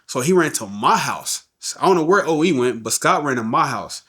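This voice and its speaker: A man's voice: mid-range voice, lively intonation, fairly quick, pushed and bright, breathy edge. A middle-aged man, a podcast guest, telling an emotional story in slangy everyday talk, often saying "you know what I'm saying" and acting out the voices of people in it.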